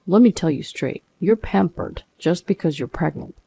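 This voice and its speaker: A woman's voice: on the low side, lively intonation, moderate pace, creaky, mellow, slightly rough, full character voice. A woman voicing a scornful, bossy adult husband in a narrated story. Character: dismissive smug adult husband.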